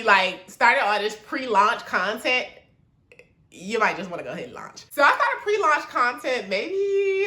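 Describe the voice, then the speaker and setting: Woman, young adult, casual vlog, chatty, animated, bright tone, roomy echo. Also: mid-range voice. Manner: chatty, animated, addresses viewers as y'all. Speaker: small business owner. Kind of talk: casual vlog talk to camera.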